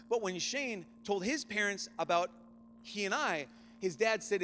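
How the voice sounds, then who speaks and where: A priest in his thirties gives a keynote talk in a fairly high voice, telling a story earnestly. He often drops to a hush, then lifts his voice as the feeling grows. A faint hum sits under the recording. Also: animated, unhurried. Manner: earnest storytelling, often hushed, rising with emotion. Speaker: priest giving a conference keynote. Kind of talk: youth conference keynote talk.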